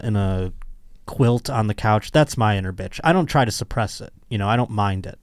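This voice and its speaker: A man's voice: on the low side, smooth, no room sound. A man hosting a podcast, telling stories in a crude, joking way and slipping into mocking voices. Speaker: podcast host. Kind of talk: casual comedic monologue.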